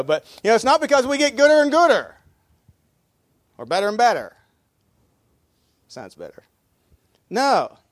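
A man preaching a sermon as pastor, folksy, swinging between loud emphasis and quiet asides. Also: sits high, no room sound, studio quality.

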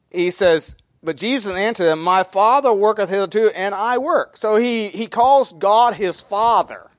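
A pastor preaching a sermon, reading scripture in old English and explaining it in plain talk, with frequent fillers and repeated words. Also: male voice, high-pitched, no room sound, studio quality.

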